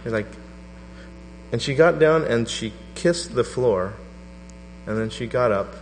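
A middle-aged man preaching a sermon to a congregation, telling a personal story with animated energy. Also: measured pace. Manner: animated storytelling, voice rising to a high pitch in quoted prayers. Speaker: pastor. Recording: reverberant hall with mains hum.

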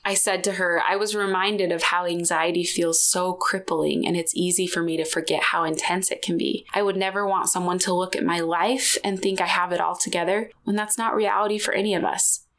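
Woman in her 30s, podcast host, real open and emotional, kinda gravelly voice. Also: lowish voice, fairly even intonation, fairly quick, hardly any pauses, a bit bright. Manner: candid, emotional, confessional. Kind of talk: personal storytelling podcast.

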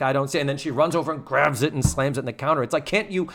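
A man casually recapping a sitcom episode as a podcast co-host, animated and swearing freely as he acts out the lines. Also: mid-range voice, racing.

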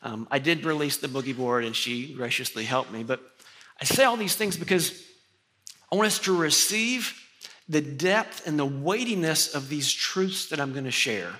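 A middle-aged male pastor preaching a sermon, telling a personal story with animated, self-deprecating humor. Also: on the high side, normal speed.

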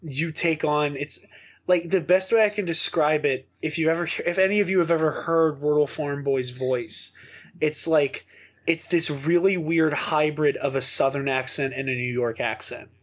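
A man's voice: fairly high pitch, moderate pace. A man from the Pittsburgh area with a Pittsburgh accent, rambling in casual podcast chat, with lots of fillers and laughs. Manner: rambling, laughs often, many fillers and restarts. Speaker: podcast guest.

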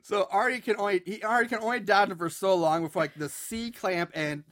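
A man's voice: high voice, brisk. Man animatedly recapping a movie. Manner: animated, recounts scenes with laughs and mock outbursts. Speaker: movie podcast co-host. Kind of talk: casual chat recapping a film.

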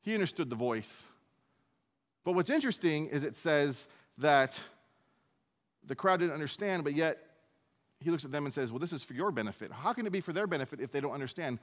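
A man's voice: on the high side, lively intonation, a little fast, pauses often, in a large hall. A male pastor preaching a sermon in a conversational, self-deprecating way. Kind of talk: sermon, verse-by-verse teaching.

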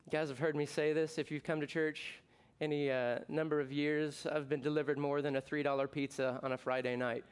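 A middle-aged pastor from the United States delivering a sermon with a casual, joking warmth that breaks into excited bursts. His voice sits a little higher than most men's. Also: a little fast, hardly any pauses, clean tone. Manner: conversational and jokey, with bursts of excitement.

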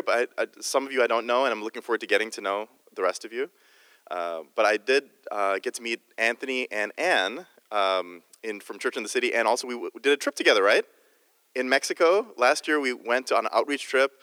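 A man's voice: mid-range voice, sharp tone, no echo, in a large hall. A man preaching a sermon in a jokey, conversational way, often restarting his sentences. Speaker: guest preacher.

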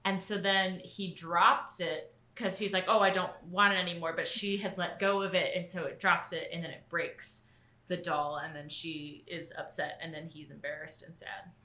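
A woman co-hosts a podcast, casually recapping an anime episode with a blunt, laughing manner. Her voice sits a little low but sounds bright and clear. The room is echoey around her. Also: steady tone, normal speed. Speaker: podcast co-host.

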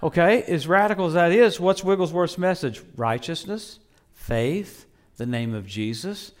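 Middle-aged male preacher, high-pitched, animated storyteller, loud peaks and hushed asides. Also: unhurried. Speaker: visiting preacher. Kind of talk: storytelling sermon.

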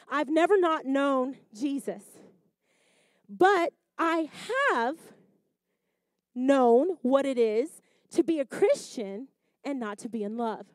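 High-voiced woman preaching with rising fervor. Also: dry recording. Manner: rises to loud emphatic repetition, drops to soft reflective asides. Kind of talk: sermon.

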